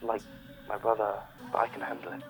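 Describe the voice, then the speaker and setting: An actor playing a teenage boy who reassures his boyfriend in a gentle, earnest way, from a TV series clip. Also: fairly low pitch, flat delivery, a little fast, lightly acted, poor audio.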